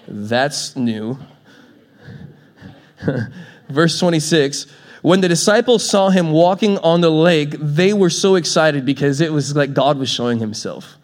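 A man's voice: a little high, unhurried. A man preaching a sermon in a church, telling stories with a playful manner and laughing often. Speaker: pastor.

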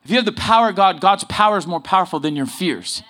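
Male preacher, somewhat high voice, animated storytelling sermon with punchy emphasis. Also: quick pace. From Southern California. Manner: animated, swings from loud emphasis to low asides. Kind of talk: sermon with personal stories.

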